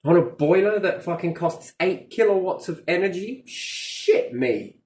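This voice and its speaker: A man's voice: high voice, unhurried, a little mellow. A man in casual chat, rambling and swearing, joking and acting out little dialogues. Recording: roomy echo.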